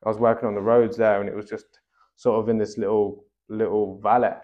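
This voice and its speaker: A man's voice: on the low side, level tone, brisk, lo-fi sound. A young Australian man telling a rambling story in casual chat, dotting his talk with "like" and "bro".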